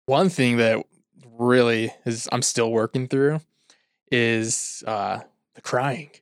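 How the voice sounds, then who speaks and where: A man's voice: medium pitch, fairly even intonation, takes it slowly, clear, resonant tone, dry recording, clean studio sound. A married man in a casual chat, sheepish and laughing often as he talks.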